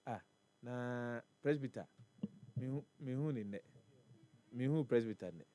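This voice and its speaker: A man's voice: medium pitch, normal speed, warm tone. A man with a Ghanaian accent hosting a live morning radio show, reading weather and traffic and chatting, repeating words for emphasis. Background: faint music bed.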